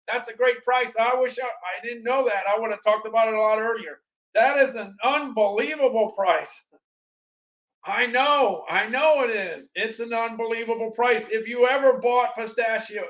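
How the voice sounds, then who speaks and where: A middle-aged man hosting a casual livestream, rambling and repeating himself, with sudden excited bursts. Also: extremely high pitch, dull audio. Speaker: livestream host reviewing products. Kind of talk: casual livestream product chat.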